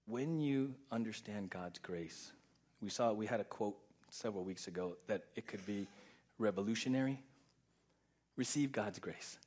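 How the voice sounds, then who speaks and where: A man preaching a sermon as pastor, emphatic and repetitive, often dropping soft and low to stress a point. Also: normal speed, husky.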